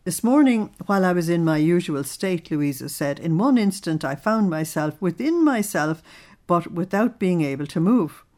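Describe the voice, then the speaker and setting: A woman reading a devotional diary aloud and pausing to comment on it, earnest and reflective. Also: fairly low pitch, expressive, a little mellow. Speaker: religious teacher.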